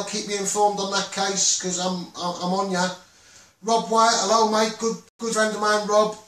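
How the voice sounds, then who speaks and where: A Liverpool man with a Scouse accent, a campaigner hosting a Facebook live, delivers an impassioned monologue in a high-pitched, fairly bright voice. He rambles and repeats himself, restarting often and saying "um" a lot. The audio has a roomy echo and he sits distant from the mic.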